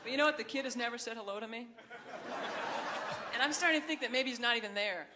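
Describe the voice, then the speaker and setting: A young woman doing a stand-up comedy set, talking in a wry, chatty way and breaking into high, shrill voices for the people she acts out. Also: fast, a loud crowd, heavy background noise. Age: young adult. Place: comedy stage before a live audience. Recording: live club set with audience laughter.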